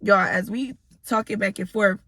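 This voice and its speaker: Bright-voiced woman telling a profane storytime. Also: medium pitch, moderate pace, no echo. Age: 30s. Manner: animated, profane, addresses viewers as y'all. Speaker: storyteller vlogger. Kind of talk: casual storytime.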